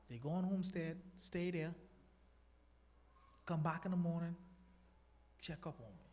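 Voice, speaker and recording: A man from the Bahamas, appearing as a guest speaker, gives his testimony to a congregation in a church sanctuary and urges them to pray. His voice is a little high and a little slow, with frequent pauses, and his delivery is an animated, preachy exhortation. Long church-hall reverb fills the recording.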